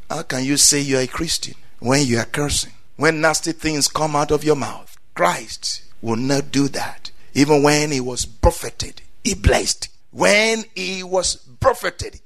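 Fervent and a little high-voiced, this male preacher repeats phrases, says amen often, and rises to loud peaks during his sermon.

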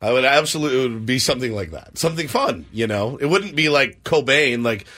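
A man's voice: medium pitch, quick pace. A man co-hosting a sports radio show, teasing and chatting casually in the studio. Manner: teasing, lively.

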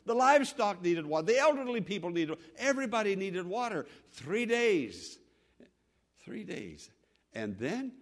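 A man preaching a sermon with dramatic, repetitive emphasis, acting out the voices of the people in his story. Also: high-pitched.

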